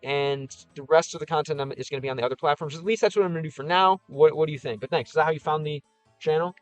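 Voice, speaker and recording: A man's voice: fairly high pitch, racing, no echo, soft background music, poor audio. A man casually chatting on a livestream as he answers viewer comments, thinking aloud with frequent restarts. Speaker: streamer answering live chat.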